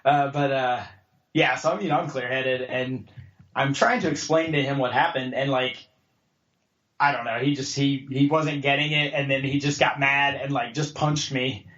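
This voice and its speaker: A man's voice: medium pitch, steady tone, moderate pace, a bit bright. A man guest on a podcast telling a story casually, acting out other people's lines in a raised voice. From United States. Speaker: podcast guest, jiu-jitsu black belt. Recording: roomy, slightly dull podcast audio.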